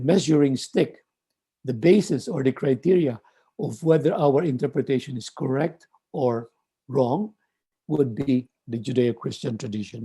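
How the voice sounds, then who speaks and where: A man lecturing on theology in a measured way, often repeating words and restarting phrases. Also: mid-range voice, creaky, mellow, slightly rough.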